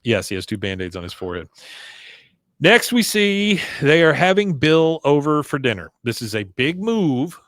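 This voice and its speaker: A man hosting a podcast, casually walking through a cartoon episode. His voice sits a little high and swings with lively animation. The sound is dry and close. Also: normal speed, dry recording. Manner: animated retelling, chuckling asides. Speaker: podcast host.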